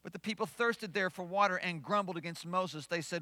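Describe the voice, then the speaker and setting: A male pastor preaching a sermon, swinging from loud declarations to hushed asides and playing out the voices he quotes. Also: sits high, fairly quick, hardly any pauses, no echo.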